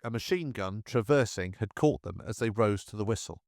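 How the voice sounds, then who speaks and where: A man narrating a First World War memoir in a measured, steady reading style. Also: fairly low pitch, dry recording, studio quality.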